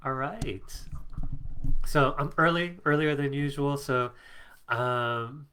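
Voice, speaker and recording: Middle-aged male host at his home desk, a bit congested; casual, chatty, bright, laughs easily. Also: mid-range voice, fairly even intonation, takes it slowly, slight background noise. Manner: chatty, reads out viewer comments, laughs often. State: congested from allergies. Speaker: psychic coach hosting a live stream. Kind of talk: casual live-stream chat. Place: home office.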